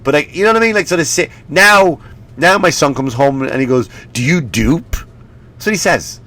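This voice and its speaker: A man in his forties hosts a comedy podcast, ranting animatedly with swearing and mocking impressions while sounding a bit sniffly. His voice is on the high side and fairly quick.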